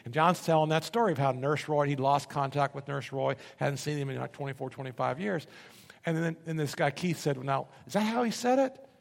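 A man preaching a sermon, telling a story with animated, emphatic repetition. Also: a little high, a little fast, vocal fry, long reverb tail. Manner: animated, emphatic, repeats words.

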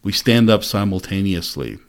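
A man giving measured, reflective first-person narration of a novel for an audiobook. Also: low voice, expressive.

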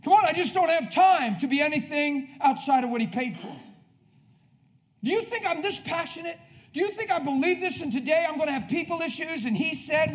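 A man with a high voice preaches with fire to a church congregation. He shouts the big lines, then drops to soft, chatty asides. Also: animated, fairly quick. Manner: intense, shouting bursts then quiet confiding asides. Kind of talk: passionate sermon.

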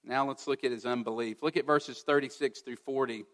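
A man's voice: medium pitch, steady tone, a little fast, fairly bright tone, big-room sound. A man preaching a sermon as a pastor, earnest and often putting direct questions to his listeners.

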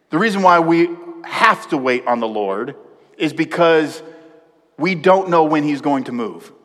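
A man preaching a sermon as pastor, animated, swinging from loud emphasis to hushed, quiet passages. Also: a little high, unhurried. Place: church sanctuary. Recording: long hall reverb.

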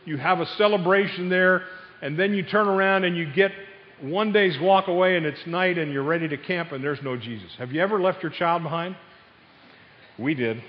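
An older man preaching a sermon, telling family stories with sudden loud outbursts. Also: on the high side. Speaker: pastor. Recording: dull sound with long hall reverb.

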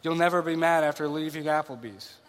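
A man's voice: fairly high pitch, fairly quick. A man preaching a sermon in an earnest, conversational way, repeating key phrases, in a large room with bleachers. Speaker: pastor. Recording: long hall reverb.

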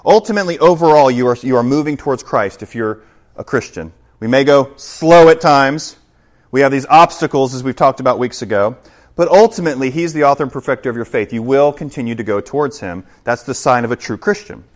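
A pastor preaches a sermon in church, speaking emphatically and swinging between loud passages and hushed ones. His voice is medium in pitch and a little fast.

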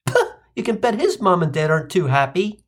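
A man's voice: sits high, huge pitch swings, fairly quick, husky. A wisecracking man delivers a comic monologue. His voice swings widely up and down as he lands sardonic punchlines. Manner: wisecracking, sardonic, full of Yiddish asides. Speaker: comedic storyteller.

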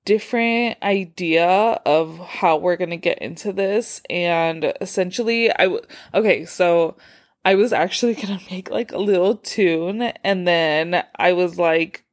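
A woman's voice: on the low side, unhurried. A young woman hosting a casual solo podcast, rambling with many fillers, self-deprecating, tired and a bit out of breath. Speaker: podcast host.

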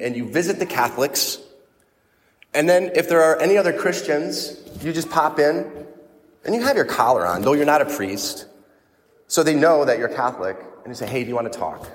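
A male priest giving a conversational sermon, with frequent restarts. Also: medium pitch. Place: church. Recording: church with long reverb.

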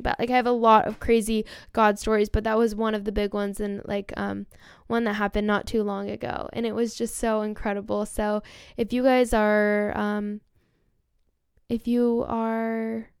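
Young woman podcaster with a gravelly voice. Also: on the high side, no echo, clean studio sound. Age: young adult. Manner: chatty, heavy use of "like", earnest and excited. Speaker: podcast host. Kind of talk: casual storytelling monologue.

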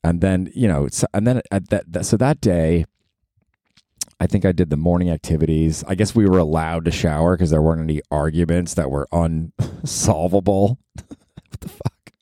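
A man in his forties from Florida telling a story on his podcast, casual and profane, jumping into high exasperated outbursts. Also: moderate pace, no echo, clean studio sound. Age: 40s. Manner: animated, swearing, swooping up into high exasperated outbursts. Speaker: podcast host.

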